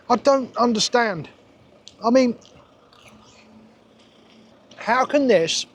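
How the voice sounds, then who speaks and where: A man's voice: high voice, husky. A man reviewing takeaway food in a casual vlog, sarcastic and exasperated.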